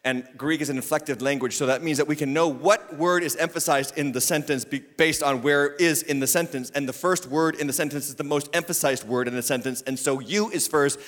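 A man preaching a sermon as lead pastor, swinging from loud declarations to quiet asides, with bits of humor. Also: on the high side, brisk, few pauses. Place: church sanctuary. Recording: long reverb of a large hall.

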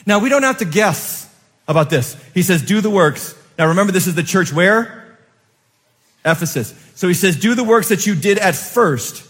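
A male pastor preaching a sermon to his congregation, rising to loud emphatic peaks and dropping to soft, low asides, often asking the room questions. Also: lively intonation, moderate pace. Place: church sanctuary. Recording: long hall reverb.

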